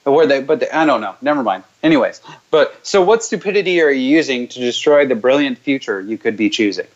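Guy hosting a call-in coaching thing, rambles a lot, drops into low repetitive clearing chants, kinda muffled sound. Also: brisk. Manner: rambling and chatty, then drops low and steady for the repeated clearing loop. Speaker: host leading callers through clearing statements.

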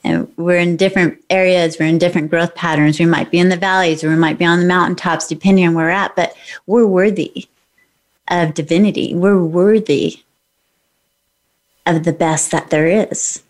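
A woman's voice: fairly low pitch, fairly even intonation, moderate pace. Upbeat woman hosting a spiritual talk show. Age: middle-aged. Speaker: radio show host. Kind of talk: casual interview chat.

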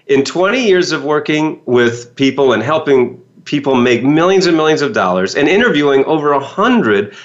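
A man's voice: on the high side, a bit bright, lo-fi sound. A man, a motivational speaker, telling a story in a podcast talk and acting out his own frightened reactions.

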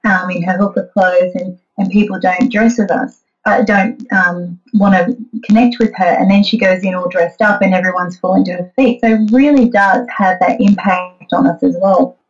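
A woman's voice: medium pitch, steady tone, moderate pace. An earnest woman is speaking as an interview guest. She is encouraging and acts out the thoughts she quotes. Her voice comes over a muffled, lo-fi remote line. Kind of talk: interview conversation.

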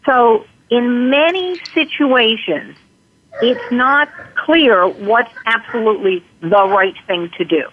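Brief: woman expert guest, earnest explainer, slightly high voice, phone-line audio. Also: animated, slow pace. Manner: earnest, acts out parents' lines in quotes. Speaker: guest expert on parental alienation. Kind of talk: explanatory interview answers.

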